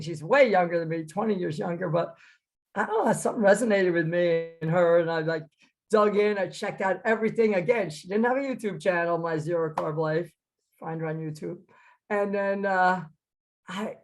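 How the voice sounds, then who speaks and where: Animated middle-aged woman telling her story. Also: on the low side. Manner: animated, acts out her own reactions in quotes. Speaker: interview guest, PE teacher. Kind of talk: casual storytelling in an interview.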